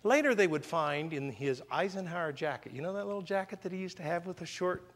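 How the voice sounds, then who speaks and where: Animated preacher man in echoing hall. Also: sits high, brisk. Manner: animated storytelling, swings from loud exclamations to quiet emphasis. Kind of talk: sermon. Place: church.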